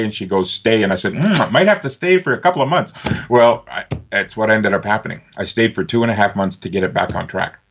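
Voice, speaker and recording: An author and speaker from Northern Ontario, Canada, appears as an interview guest and tells stories with animation, happily doing lively voices for the people in them. His voice is lowish, and the recording has a slightly dull, lo-fi sound.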